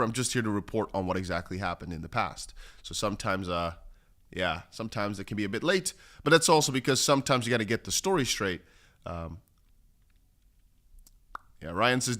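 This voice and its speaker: A man's voice: lowish voice, animated, a little fast, fairly bright tone. A man hosting a casual crypto livestream, rambling through chart commentary and reading viewer comments aloud. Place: home studio in Dubai.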